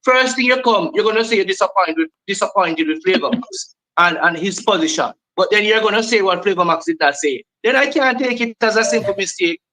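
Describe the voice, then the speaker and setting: Bright, insistent Jamaican panelist. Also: male voice, high voice, a little fast, hardly any pauses, poor audio. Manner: insistent, argumentative, repeats his point. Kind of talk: casual panel debate.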